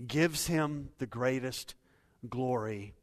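A man preaching a sermon in a large sanctuary, his earnest voice sitting at an ordinary middle pitch. He presses his listeners with rhetorical questions. His words hang in a long, echoing reverb. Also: slow.

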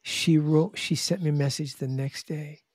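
A man telling stories in an interview in an animated way, often restarting and acting out the people he quotes. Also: a little high, moderate pace, no room sound, clean studio sound. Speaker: charity founder and guest. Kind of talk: interview storytelling.

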